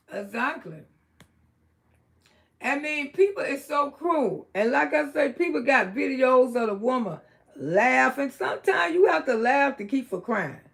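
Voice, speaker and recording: Gravelly blunt Southern woman on a livestream. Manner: outspoken, blunt, swings from low murmur to loud exclaiming. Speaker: livestream host. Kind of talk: casual livestream commentary.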